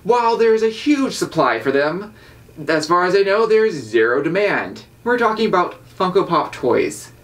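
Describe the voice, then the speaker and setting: A man's voice: sits high, very animated, moderate pace, a bit bright, far from the mic. A man co-hosting a podcast, wry and dry in his casual banter. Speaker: podcast co-host.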